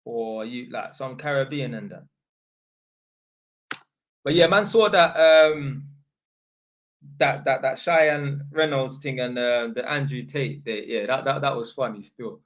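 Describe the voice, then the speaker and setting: A man's voice: mid-range voice, unhurried, pauses often, muffled recording. A man from North London with a London accent, hosting his channel in slangy, rambling casual talk. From North London, England. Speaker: channel host. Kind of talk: casual livestream chat.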